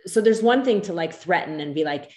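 A woman's voice: on the low side, lively intonation, brisk, darkish tone, echoey room. A woman co-teaching a parenting class, chatty and acting out children's lines. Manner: chatty, acts out kids' lines.

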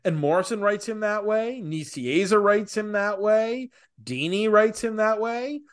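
A man co-hosting a casual podcast, talking opinionatedly with rapid asides. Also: high voice, smooth. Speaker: podcast co-host. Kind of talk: casual comics podcast chat.

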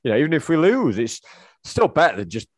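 A man's voice: a little high, wildly swooping pitch, quick pace, husky, no room sound. A man chatting casually about football as a podcast co-host, laughing often and restarting sentences. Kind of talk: casual chat.

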